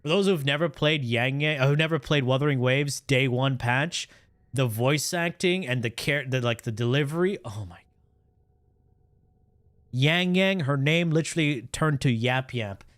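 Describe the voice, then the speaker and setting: A man livestreaming and reacting in a casual chat, animated and profane, with his pitch swinging up and down. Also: unhurried, dry recording, clean studio sound.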